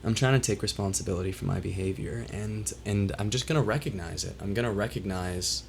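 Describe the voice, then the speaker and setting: A man hosts a solo livestream and talks straight to his chat. His voice is worn and strained, still recovering after he lost it, and it carries emotion. He speaks haltingly and reflectively, often stopping to restart his sentences. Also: lowish voice, vocal fry, slight background noise. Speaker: livestream host.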